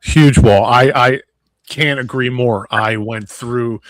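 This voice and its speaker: A man's voice: mid-range voice, fairly even intonation, slow pace, fairly bright tone, dry recording, rough recording. A man from South Philadelphia with a Philadelphia accent, hosting a casual panel talk and speaking earnestly with many restarts. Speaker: podcast host.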